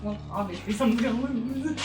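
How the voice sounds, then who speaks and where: High-voiced playful woman co-host. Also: fairly quick, reverberant, music in the background. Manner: playful, giggly, jokey announcer voice. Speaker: podcast co-host. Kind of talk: casual chat.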